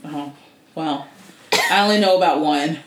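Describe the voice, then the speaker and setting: A woman's voice: deep voice, a little slow. Chatty woman in an echoey room. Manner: chatty storyteller, frequent laughter, slangy. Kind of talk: casual chat.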